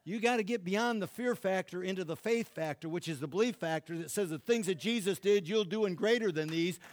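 A middle-aged man from Michigan preaching a sermon and leading prayer, fervent and rising to loud exclamations. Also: high voice, brisk, dry recording. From Michigan, USA. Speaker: pastor.

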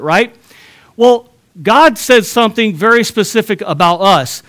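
A man's voice: extremely high pitch, expressive, normal speed, a bit bright. A middle-aged man preaching a sermon, telling a story with humor and talking straight to his congregation. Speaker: pastor.

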